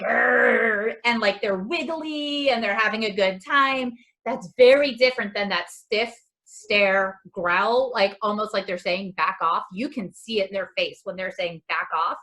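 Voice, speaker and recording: A woman dog trainer talks through a puppy training lesson in a loose, conversational way. She fills her speech with "um" and "like" and stacks repeated words to stress a point. Her voice sits at an ordinary middle pitch for a woman. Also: fairly bright tone. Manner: conversational, repeats words for emphasis, many fillers. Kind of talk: puppy class lecture.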